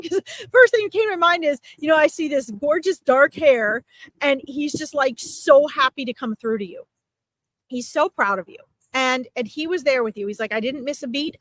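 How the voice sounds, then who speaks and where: A woman's voice: a little high, a bit bright, no room sound, poor audio. A woman working as a psychic medium in a live-streamed reading, talking in a chatty, reassuring way and often checking in with her listener. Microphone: streaming mic.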